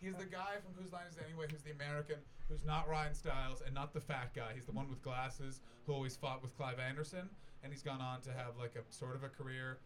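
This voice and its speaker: A man telling a rambling, profane story as a comedian, breaking into loud shouted impressions. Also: medium pitch, level tone, fast, hardly any pauses, slight background noise. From not from Scotland. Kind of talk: stand-up storytelling to a recorded audience.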